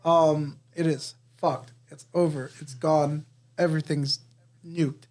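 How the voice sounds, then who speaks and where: A man's voice: on the high side, level tone, slow pace, darkish tone. A man co-hosting a podcast, casually recapping a movie plot in a rambling way, swearing and laughing. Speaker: podcast co-host. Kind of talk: casual movie review chat.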